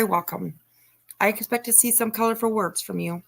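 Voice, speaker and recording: A woman's voice: medium pitch, moderate pace, creaky, a bit bright. A woman hosting a casual live stream, chatting and teasing as she reads out viewer comments.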